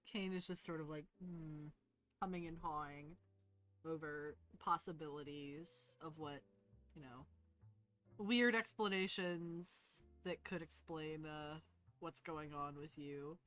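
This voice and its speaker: A woman runs a tabletop game with a low voice and an unhurried pace. She narrates in a relaxed, amused way, with faint music in the background. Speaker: game master.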